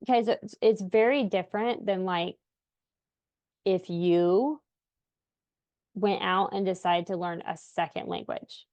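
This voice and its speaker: A chatty woman in her thirties shares tips as a parent, talking casually and laughing often. Her voice sits at an ordinary middle pitch, and the sound is close and dry with no room echo. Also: steady tone, a little slow, long pauses, a little mellow. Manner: chatty, lots of filler words, laughs often. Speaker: parent of deaf children giving tips. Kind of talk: casual instructional talk to camera.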